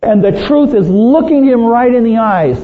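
A man delivers an earnest, emphatic sermon, his voice high and unhurried. The sound is thin and phone-like, and his words ring out through a long, echoing hall. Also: expressive. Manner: earnest, emphatic, dramatizes Bible quotes. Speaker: preacher.

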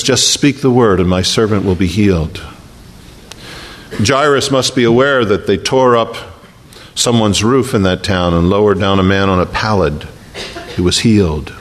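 Preacher man in a reverberant hall. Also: lowish voice. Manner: storytelling, often dropping to a quiet slow hush for emphasis. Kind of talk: sermon. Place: church sanctuary. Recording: long reverb of a large hall.

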